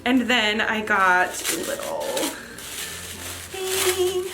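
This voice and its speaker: A young woman chatting casually to camera as a vlogger, gushing and excitable, gasping as she answers questions and opens mail. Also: on the high side, unhurried, background noise. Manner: gushing, excitable, lots of gasps. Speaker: Disney vlogger.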